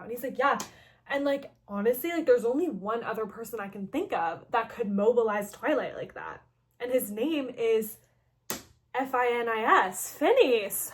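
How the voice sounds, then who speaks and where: A woman's voice: a little high, lively intonation. A woman casually recapping a story game, chatty and peppered with "like", paraphrasing characters as she goes. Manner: chatty, heavy use of "like", quoting characters in quick paraphrase. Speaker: gaming video host.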